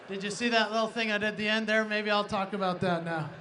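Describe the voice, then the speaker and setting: Man, stand-up storyteller, bright high voice, echoey hall, audible crowd noise. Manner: animated, acts out voices and mouth sounds. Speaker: stage performer at a benefit event. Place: large indoor event hall.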